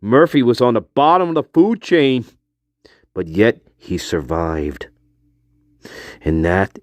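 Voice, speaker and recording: A man's voice: on the low side, slow pace, long pauses, no echo, studio quality. A man hosting a livestream, ranting angrily and profanely into his phone, repeating his points over and over. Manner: angry, profane, repetitive. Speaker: livestream host. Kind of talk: livestream rant.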